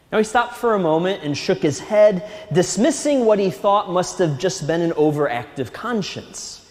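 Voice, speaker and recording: A male priest preaches with a slow, unhurried pace and a gently reassuring manner, lightened by a bit of humor. His voice sits fairly high and moves expressively up and down. The sound rings through a large, reverberant church. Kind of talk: sermon. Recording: echoey church hall.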